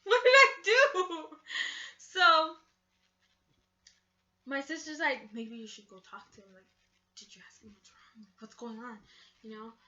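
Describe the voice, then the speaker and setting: Young woman, bright tense voice, chatty storyteller, swears a lot, muffled lo-fi audio. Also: on the high side, a little fast. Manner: chatty, swears, lots of fillers. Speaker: vlogger. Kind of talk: casual storytime. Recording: dull lo-fi sound.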